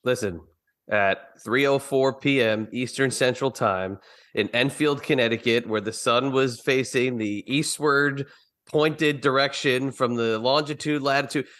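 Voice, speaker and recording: A man's voice: medium pitch, unhurried, fairly bright tone. Sarcastic ranting man co-host. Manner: sarcastic, rising ranting jokes. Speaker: podcast co-host. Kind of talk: casual comedic chat.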